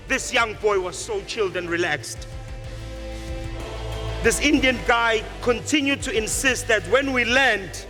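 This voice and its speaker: Man, high voice, lively keynote storyteller, faint music under. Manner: animated storyteller acting out characters. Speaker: speaker. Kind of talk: motivational speech with storytelling.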